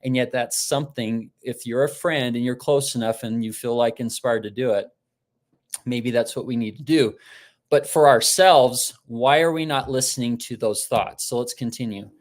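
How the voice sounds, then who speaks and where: Animated, chatty male motivational speaker. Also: mid-range voice, moderate pace. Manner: animated storytelling, acting out quoted voices; conversational with frequent restarts. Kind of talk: live-streamed motivational talk.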